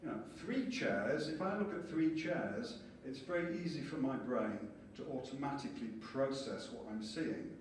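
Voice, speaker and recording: A man giving a lively conference lecture and explaining ideas with small acted-out scenes. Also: medium pitch, moderate pace, hardly any pauses, slight background noise. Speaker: conference speaker. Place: conference hall. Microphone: distant from the mic. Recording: echoey hall from far off, faint ambience.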